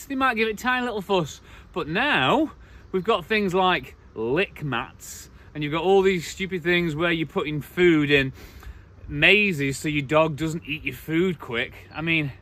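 A man giving blunt, opinionated dog-training advice to camera, outdoors. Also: pushed and bright. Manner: blunt, opinionated, mocks baby talk in a high voice.

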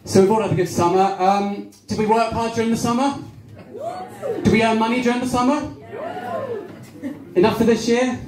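Chatty young stand-up man, high voice. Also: fairly even intonation, moderate pace, long pauses, darkish tone. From Devon, England. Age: young adult. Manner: chatty, quizzes the crowd, acts out voices. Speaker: stand-up comedian. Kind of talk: stand-up comedy set. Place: small cafe-bar gig. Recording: roomy venue with faint crowd noise.

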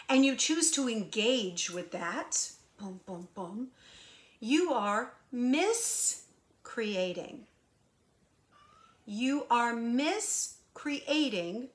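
Woman, hypnotherapist type, slightly high voice, very slow and emphatic, preachy spiritual monologue with rhetorical questions. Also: fairly bright tone. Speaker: hypnotherapist and intuitive channeler.

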